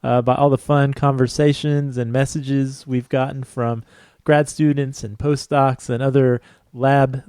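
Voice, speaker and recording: A man's voice: medium pitch, level tone, a little slow, a little mellow, smooth, no room sound, studio quality. A man co-hosting a casual podcast, chatty and friendly, often laughing. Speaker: podcast co-host.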